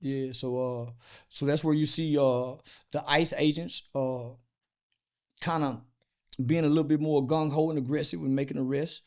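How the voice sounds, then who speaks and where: A man's voice: fairly high pitch, fairly even intonation, normal speed, darkish tone. A man from the United States, an interview guest, talking bluntly and crudely with lots of fillers and restarts. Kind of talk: casual interview talk.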